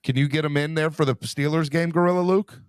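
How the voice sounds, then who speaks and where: A man hosting a fan podcast in an excitable, casual way. He repeats himself and keeps calling people "man" and "bro". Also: a little high, quick pace, smooth, dry recording, clean studio sound. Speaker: podcast host. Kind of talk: casual chat.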